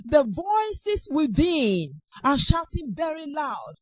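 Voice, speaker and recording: A woman preaching a sermon with impassioned, repetitive exhortation that rises to shouts. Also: high-pitched, animated, measured pace, no room sound, low-quality recording.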